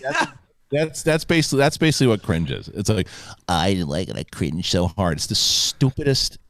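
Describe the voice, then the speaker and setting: A man's voice: lowish voice, huge pitch swings, normal speed, fairly bright tone. A man hosting a live online show, ranting in casual banter with crude jokes. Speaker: host.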